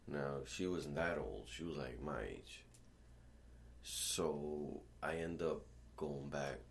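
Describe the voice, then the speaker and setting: Low-voiced man, swearing storyteller, rambling casual chat, faint background hiss. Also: slow pace, gravelly. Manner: profane, rambling, animated when quoting. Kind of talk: casual storytelling among friends.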